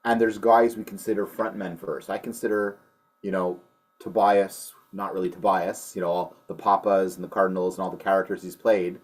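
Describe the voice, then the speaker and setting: Husky guy rambling about a rock song, lots of restarts and "you know"s, casual review chat. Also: low-pitched, level tone, moderate pace. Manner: chatty, hedging, many restarts. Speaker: co-host of a metal music show.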